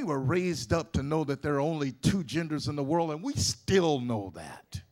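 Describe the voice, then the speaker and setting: A man's voice: on the high side, lively intonation, normal speed, few pauses, a little mellow. A man preaching a sermon in a folksy, conversational way, often restarting his sentences and adding asides. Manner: folksy, with colloquial grammar. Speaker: pastor.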